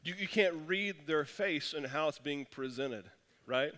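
Guy pastor giving a laid-back sermon, kinda high voice, long church echo. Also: measured pace, sharp tone. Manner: casual, self-deprecating, storytelling with many restarts. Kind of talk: conversational sermon.

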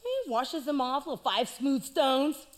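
A woman's voice: high-pitched, very animated, measured pace. A woman preaching a sermon, telling the story playfully with jokes and asides.

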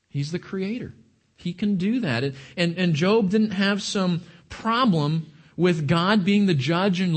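A man preaches to his congregation in a fairly high voice. He talks in an animated way, repeating and restarting words as he builds his points. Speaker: pastor. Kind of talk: sermon.

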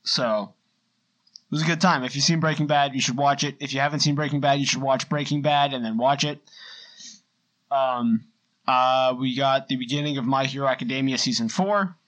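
A man's voice: mid-range voice, normal speed, poor audio. Chatty young man on a podcast. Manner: relaxed, chatty, talks in long run-on explanations. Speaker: podcast co-host. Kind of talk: casual chat.

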